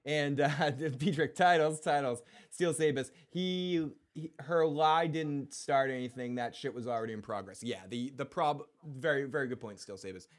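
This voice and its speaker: Guy cohosting a chatty recap podcast, gets super excited, swears, trips over his words. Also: mid-range voice, moderate pace. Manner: excitable, swears freely, stumbles and restarts. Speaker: podcast co-host. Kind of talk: casual recap chat.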